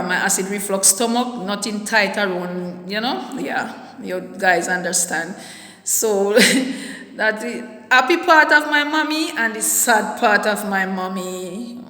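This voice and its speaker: Woman, personal storytelling, soft and halting, repeats words, roomy echo. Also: mid-range voice. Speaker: vlogger. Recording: echoey room with long reverb.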